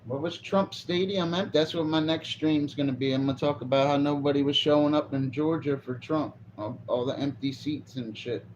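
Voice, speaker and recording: A man's voice: a little high, normal speed, hardly any pauses. Male streamer, casual and profane, rambling; muffled lo-fi audio with light background noise. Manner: rambling and profane, reacting to chat. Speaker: live streamer. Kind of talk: casual chat.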